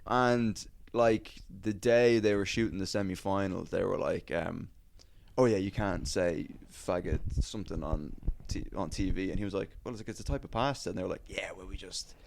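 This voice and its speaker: Male podcast host, low voice, rambling casual storyteller. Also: normal speed, gravelly, a little hiss or hum. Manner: rambling storyteller, swears freely, many "uh"s. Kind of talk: casual chat.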